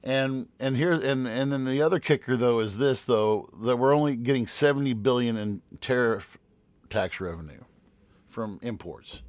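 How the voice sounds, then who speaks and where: A man's voice: medium pitch, moderate pace, dry recording. A man co-hosting a casual podcast who works as a teacher, rambling and restarting as he reads out numbers. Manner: rambling, with many restarts while reading out figures.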